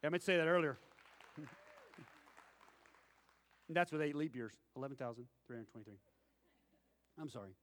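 A man preaches a sermon, leaning on homespun stories and acting out what people said. His voice sits a little high for a man. The sound carries a long reverb, as in a large hall. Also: animated, brisk, long pauses, fairly bright tone, a faint crowd. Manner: folksy storytelling with acted-out quotes.

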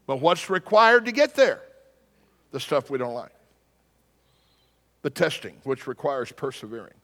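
Animated preacher in a reverberant hall. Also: male voice, mid-range voice, unhurried. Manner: storytelling, animated, wry humor. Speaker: pastor. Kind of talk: sermon.

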